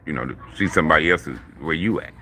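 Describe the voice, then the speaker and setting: A middle-aged man telling stories casually in a profane, slangy, animated way. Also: extremely low pitch, quick pace, slight background noise. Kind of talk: casual storytelling.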